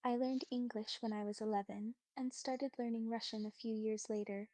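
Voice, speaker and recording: A woman giving calm, polite, reassuring replies in an even chatbot voice. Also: fairly high pitch, moderate pace, no echo.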